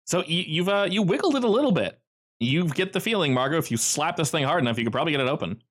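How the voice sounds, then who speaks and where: A man's voice: fairly high pitch, animated, fast, fairly bright tone. A man running a tabletop game as game master, narrating in a rambling, easygoing way full of fillers.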